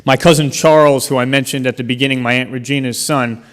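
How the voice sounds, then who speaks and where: A man's voice: mid-range voice, steady tone, quick pace, fairly bright tone. A man giving a public talk in a large hall, telling a personal story in an earnest way with touches of dry humor. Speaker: speaker. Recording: long hall reverb.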